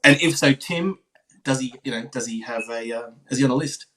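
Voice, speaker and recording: A man's voice: mid-range voice, a little fast, over a noisy crowd. A man from Australia with an Australian accent, chatting in a hesitant, teasing way on a panel. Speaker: panel guest. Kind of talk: casual panel chat.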